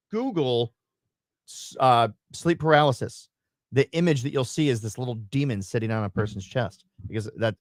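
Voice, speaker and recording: A man co-hosting a casual live radio chat, telling a personal story in an animated way and acting out the parts. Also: medium pitch, dry recording, studio quality. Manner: animated storytelling, acts out his own screams and quotes. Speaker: radio show co-host.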